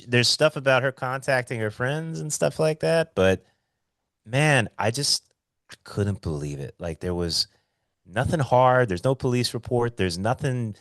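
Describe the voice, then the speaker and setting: A man's voice: mid-range voice, no room sound, studio quality. A young man co-hosting a podcast over a call, earnest and incredulous, repeating himself for emphasis. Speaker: podcast co-host. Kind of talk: casual podcast chat. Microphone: remote call.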